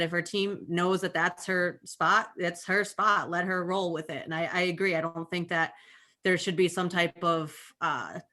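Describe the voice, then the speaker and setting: A woman coach joins the panel over a video call with a bright, forward voice. She talks in an animated, fast-flowing way and readily backs up the others. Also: fairly low pitch. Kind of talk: panel discussion.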